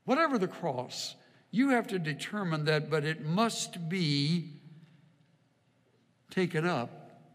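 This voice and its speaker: Male pastor, middle-aged, wry and earnest, fairly high pitch, echoey sanctuary sound. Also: lively intonation, slow pace, pauses often, fairly bright tone. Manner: conversational storytelling, wry and earnest. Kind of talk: sermon with personal stories. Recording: long reverb of a large hall.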